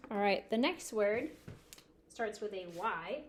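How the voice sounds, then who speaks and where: A woman's voice: medium pitch, animated, a little hiss or hum. A woman teacher recording a spelling lesson for young children, spelling words letter by letter and asking them to repeat after her. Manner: slow, clear spelling-out with call-and-repeat prompts.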